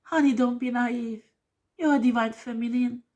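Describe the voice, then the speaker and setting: A woman's voice: fairly high pitch, fairly even intonation, moderate pace, mellow. Blunt, emphatic woman tarot reader. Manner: blunt, emphatic, swears when upset. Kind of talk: tarot reading video.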